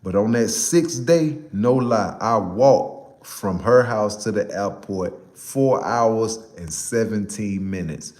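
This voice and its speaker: A young man, casually telling a personal story to a live chat, animated and repeating himself for emphasis. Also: on the low side, slow, echoey room.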